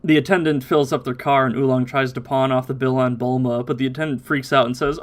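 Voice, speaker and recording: A man hosting a casual podcast, recapping a cartoon episode in an animated way, laughing often and mimicking voices. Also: mid-range voice, fast talker. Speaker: podcast host.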